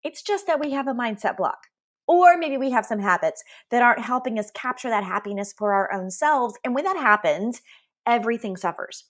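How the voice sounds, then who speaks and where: A woman's voice: fairly high pitch, lively intonation, a little fast, fairly bright tone. A middle-aged woman hosting a live motivational talk for leaders, upbeat and emphatic, speaking straight to her viewers. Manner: upbeat, emphatic, addresses viewers directly with frequent "right?". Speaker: leadership coach and host.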